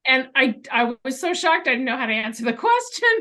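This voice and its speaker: This is a woman with a somewhat high voice. She is a guest on an interview show, relating a personal experience from her home bedroom. She lands emphatic asides as she goes and keeps the story animated. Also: fairly quick. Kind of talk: storytelling in a conversation.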